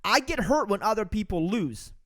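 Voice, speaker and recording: A man from Romania hosts his own podcast, delivering an emphatic, preachy motivational monologue and calling his listeners folks. His voice sits high for a man, and his pitch leaps and dips with every point he hammers home. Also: animated, normal speed, a bit bright. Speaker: podcast host.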